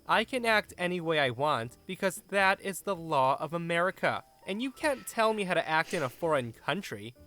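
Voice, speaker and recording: A man voicing a loud, entitled middle-aged American woman tourist who talks in a rude, demanding and scornful way. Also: on the high side, big pitch swings, moderate pace, hardly any pauses, soft background music.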